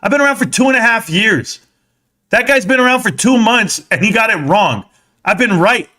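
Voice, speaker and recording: A man with a high, bright, forceful voice hosts a live stream about stocks. He sounds heated and combative, firing back at people in his chat. His delivery is punchy and confrontational throughout. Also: expressive, normal speed.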